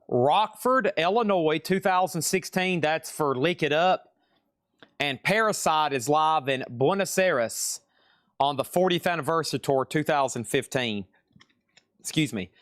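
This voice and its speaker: Southern-accented male host, slightly high voice, dry close sound, casual rambling sales patter. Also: fairly bright tone, no room sound. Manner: chatty, rambling, self-correcting. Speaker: live-stream record seller.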